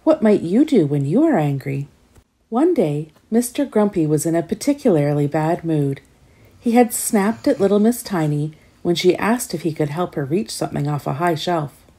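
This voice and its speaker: A woman reading a children's picture book aloud, gently asking her young listeners questions. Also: fairly low pitch, lively intonation, normal speed, husky. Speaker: storyteller.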